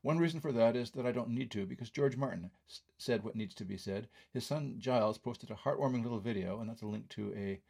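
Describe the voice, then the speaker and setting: An older man reads his own review aloud in a gravelly, husky voice. He is wry and conversational, and he drops offhand asides between his points. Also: mid-range voice, fairly quick, a little mellow. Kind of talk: read-aloud film review essay.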